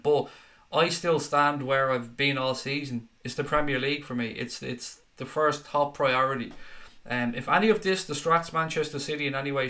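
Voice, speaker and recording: A man in his own casual live-stream chat, reading out viewer comments one after another and answering them, often with a friendly "mate". His voice is bright and forward, with an ordinary middle pitch and a loose, conversational delivery. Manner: chatty, reads out viewer comments, calls people mate. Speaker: fan channel host reading live chat.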